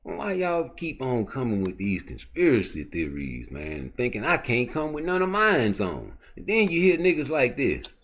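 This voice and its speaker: A man's voice: mid-range voice, wildly swooping pitch, normal speed, few pauses, a bit bright. A man hosting a boxing talk stream, ranting profanely at his chat with rhetorical questions. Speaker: boxing commentary host. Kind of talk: unscripted rant to a live chat.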